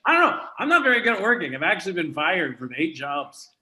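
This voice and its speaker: A man's voice: sits high, very animated, brisk, pushed and bright, a little hiss or hum. A young man from Canada doing a live stand-up comedy set, self-deprecating and conversational. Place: comedy venue with live audience.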